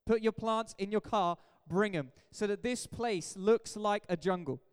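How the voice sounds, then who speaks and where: Energetic high-voiced pastor preaching. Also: male voice, measured pace, clear, resonant tone. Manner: energetic, jokey, emphatic preaching. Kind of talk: sermon. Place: church hall. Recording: echoey hall reverb.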